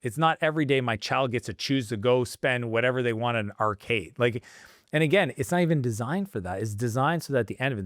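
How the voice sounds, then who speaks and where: A man's voice: medium pitch, no echo, studio quality. A man in his forties, a guest on a podcast, talking casually and acting out bits of dialogue as he tells stories. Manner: animated storytelling, acts out dialogue. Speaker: guest entrepreneur.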